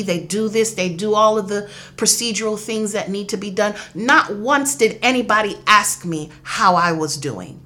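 Bright-voiced woman telling her loss. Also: medium pitch. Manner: earnest, intense, reenacts dialogue. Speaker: interview guest, grieving mother. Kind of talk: emotional personal testimony.

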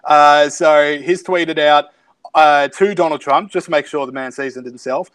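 Self-isolating at home, a man co-hosts a podcast, wryly and sardonically reading out tweets and poking fun in casual banter. His fairly bright, fairly high voice moves at a moderate pace with fairly even intonation.

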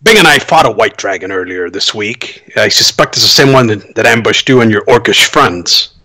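A man's voice: lowish voice, lively intonation, moderate pace, sharp tone. A man playing a tabletop game, speaking partly in character in a dry, matter-of-fact way. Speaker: player.

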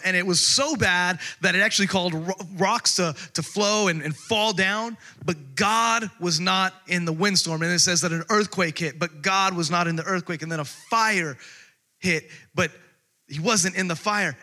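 A pastor delivering a sermon in a notably high, bright voice. He preaches emphatically, swinging from loud outbursts to hushed, intimate asides. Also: measured pace.

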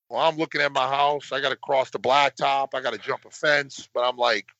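A man telling a story in casual chat, swearing constantly and getting animated as he goes. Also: a little fast, few pauses, dry recording. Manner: animated, voice climbs high when worked up. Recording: dull lo-fi dry sound.

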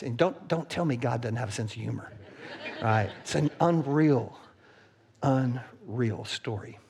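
A man preaching a sermon, retelling a story with animated voices for its characters. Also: medium pitch, unhurried, vocal fry. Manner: animated, acts out the characters' lines. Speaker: pastor.

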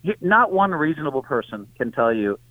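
Animated man on a tinny phone line. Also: a little high, a little fast, no room sound. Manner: animated, laughing storyteller. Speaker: guest. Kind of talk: phone interview.

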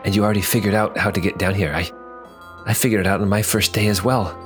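A man narrating as game master of a tabletop role-playing game, relaxed, with filler ums. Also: lowish voice, fast talker, soft background music.

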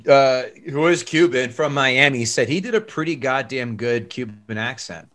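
A man's voice: medium pitch, expressive, moderate pace, a bit bright. A middle-aged man and comedian, a podcast guest, talking in a sarcastic, emphatic way. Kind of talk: casual interview chat.

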